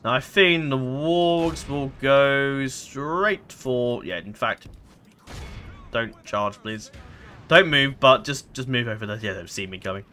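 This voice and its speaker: A man's voice: mid-range voice, slow, sharp tone, slight background noise. A man giving casual let's-play commentary, rambling and hesitant, full of fillers and self-corrections. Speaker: gameplay commentator.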